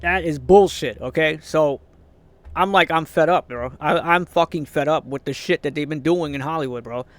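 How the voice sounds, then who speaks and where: A man's voice: a little high, normal speed, a bit bright, dry recording. A young man ranting casually about movies, frustrated and swearing, rambling with restarts and short laughs. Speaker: vlogger.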